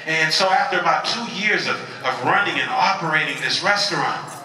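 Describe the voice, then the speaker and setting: Bright-voiced man telling a story on stage. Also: a little high, fairly quick. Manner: storytelling with call-and-response and frequent stammered restarts. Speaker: motivational speaker. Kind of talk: motivational speech. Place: large convention hall with audience. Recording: echoey convention hall from far off.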